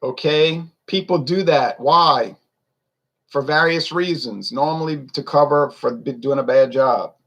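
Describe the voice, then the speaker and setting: A man's voice: fairly high pitch, measured pace, fairly bright tone, lo-fi sound. A man ranting in a casual monologue, opinionated and rambling, full of rhetorical questions. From United States. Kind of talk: casual rant to camera.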